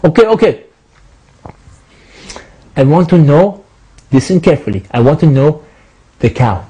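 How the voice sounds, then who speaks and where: A man's voice: on the high side, expressive, unhurried, mellow, husky, voice pushed down. A man voicing a pushy, suspicious male customer who interrogates a butcher in a comedy sketch, demanding and calling everyone brother.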